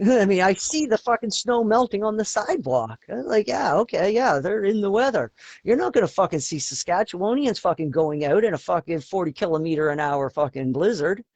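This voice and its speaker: A man's voice: high voice, lively intonation, brisk, a little mellow, no echo. A Canadian man from Eastern Canada co-hosting a podcast, telling rambling stories in casual chat and swearing constantly. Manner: profane, rambling storytelling with frequent swearing. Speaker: podcast co-host.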